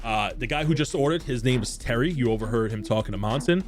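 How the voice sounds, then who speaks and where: A man's voice: mid-range voice, lively intonation, faint music behind. A young man running a tabletop game as game master, narrating casually with many fillers. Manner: casual narration with many fillers, puts on quick character voices.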